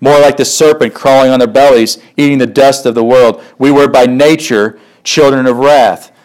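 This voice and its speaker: A man preaching a sermon as pastor, emphatic and full of rhetorical questions, growing higher and more urgent as he presses a point. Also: steady tone, moderate pace, darkish tone, rough recording. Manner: emphatic, rhetorical questions, rises in pitch when stirred.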